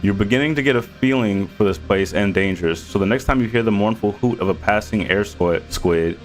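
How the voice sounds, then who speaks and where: Low-voiced man reading game text. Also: fairly quick, faint music behind. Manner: casual, muttered asides. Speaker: streamer. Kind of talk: reading game narration aloud.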